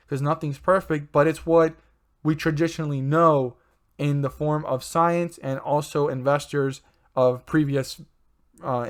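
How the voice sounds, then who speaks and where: A man hosting his own stock channel, talking in a loose, rambling way, with many fillers and self-corrections. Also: mid-range voice. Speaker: stock market channel host. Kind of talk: casual rambling commentary.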